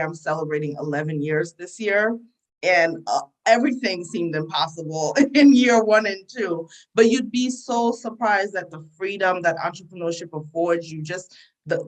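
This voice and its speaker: A woman's voice: fairly low pitch, low-quality recording. Earnest American-accented woman guest. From Sierra Leone. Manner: earnest, conversational. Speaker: guest entrepreneur. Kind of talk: interview answers.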